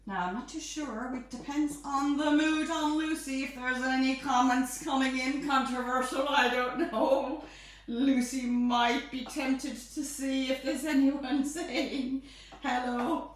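Woman, live home cooking host, playful chatter; fairly high voice, distant mic in a very echoey kitchen. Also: a little slow. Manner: chatty, playful, bubbly asides.

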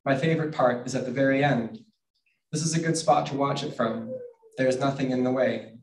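A man voicing a calm, dreamy male mole in a soft, unhurried, matter-of-fact storybook reading. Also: mid-range voice, close to an everyday voice. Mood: content. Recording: roomy distant mic with faint noise.

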